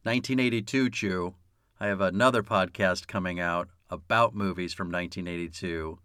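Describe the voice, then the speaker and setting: A man's voice: sits low, fairly even intonation, normal speed, fairly bright tone, clean tone, no echo, studio quality. A man hosting a casual movie podcast, laughing often and joking with his co-host.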